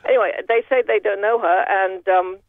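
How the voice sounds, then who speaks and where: A man's voice: sits high, fairly even intonation, fairly quick, gravelly, dry recording. A man giving casual political commentary with a rambling, sardonic manner, full of restarts. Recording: tinny phone line.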